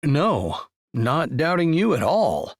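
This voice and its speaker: Easygoing young man read by the narrator; relaxed, wry, dry close sound. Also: a little high, slow, no room sound, full character voice.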